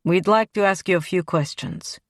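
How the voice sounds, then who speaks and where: A woman playing a gruff Russian detective. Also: lowish voice, big pitch swings, normal speed, no room sound, studio quality. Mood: official. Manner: blunt, curt.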